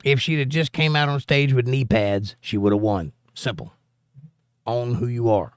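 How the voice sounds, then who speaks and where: His mid-range voice is smooth and steady in tone, at normal speed. The man, who has a Southern accent, hosts a casual political livestream and reads viewer comments aloud with wry, joking asides. Studio-quality recording, no echo.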